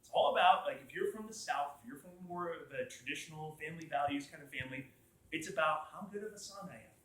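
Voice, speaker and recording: Bright-voiced young man teaching in an echoey room. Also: a little high, quick pace. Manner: animated, acts out quotes, asks the room questions. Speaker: college group teacher. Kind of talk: casual Bible teaching to a group. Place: room with a group listening.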